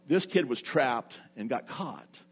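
A man's voice: medium pitch, slow, husky. A middle-aged man preaching a sermon, telling a personal story and acting out what each person said. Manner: lively storyteller who acts out what people said. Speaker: pastor.

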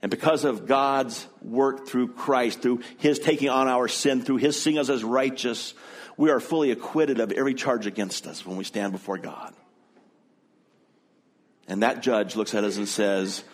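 A man's voice: mid-range voice, steady tone, moderate pace. A middle-aged man preaching, telling a personal story in an earnest, conversational way before moving into scripture. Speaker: pastor.

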